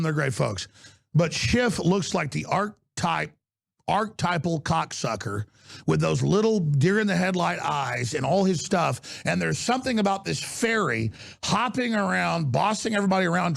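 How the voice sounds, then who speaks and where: A man in a combative, profane talk-show rant, talking emphatically with a gravelly, raspy voice. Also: a little high, a bit bright.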